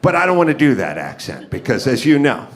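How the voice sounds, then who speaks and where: A man hosting a live comedy podcast, telling stories and acting out dialogue with big swings in his voice. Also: quick pace. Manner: animated, acts out dialogue with big pitch swings. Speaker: podcast host. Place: live podcast on stage before an audience.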